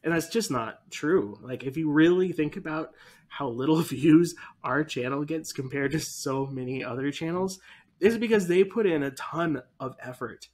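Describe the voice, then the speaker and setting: A man's voice: on the high side, moderate pace, darkish tone. A man co-hosting a casual chat podcast, speaking earnestly and matter-of-factly. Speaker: podcast co-host.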